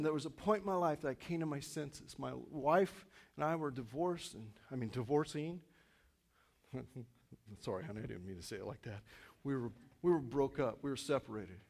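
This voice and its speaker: A man in his fifties preaching a sermon in a church, animated, acting out inner voices and swinging from loud to quiet. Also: a little high, creaky. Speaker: pastor.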